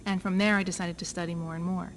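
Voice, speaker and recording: A woman speaks to a conference crowd in a fairly low voice, telling her own story in a lively way. She acts out both sides of each exchange as she goes. A faint hiss sits under her words. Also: fast talker, low-quality recording. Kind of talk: personal story told to an audience. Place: conference talk.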